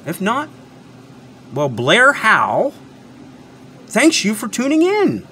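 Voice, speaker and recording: A channel host and product reviewer rants unscripted straight to his viewers in a high, bright, forceful voice whose pitch swoops wildly as he speaks slowly. He lectures, repeats his points for emphasis and drops the odd swear word. A faint air conditioning hum sits in the background.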